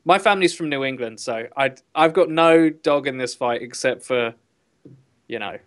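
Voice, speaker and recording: A man's voice: medium pitch, normal speed, a bit bright. A man joining a casual podcast chat, talking in a laid-back, teasing way.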